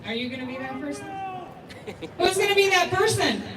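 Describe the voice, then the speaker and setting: A woman's voice: very high voice, expressive, moderate pace, very noisy. A woman giving a motivational speech at an outdoor rally, firing repeated questions at the audience, heard through a PA. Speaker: rally speaker. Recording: echoey PA sound from far off.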